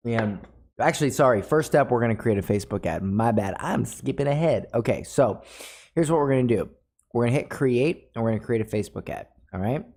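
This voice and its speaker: A man's voice: on the low side, dark tone. A man teaching a marketing course as a casual screen-share tutorial, often restarting his sentences. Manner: casual, restarts often, fillers, says "y'all".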